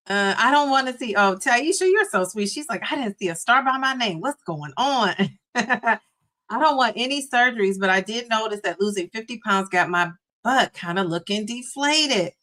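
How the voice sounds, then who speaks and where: A woman's voice: medium pitch, sharp tone. A middle-aged woman hosting a casual livestream, chatting, laughing often and reading viewer comments aloud. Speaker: livestream host reading chat. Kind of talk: casual live chat.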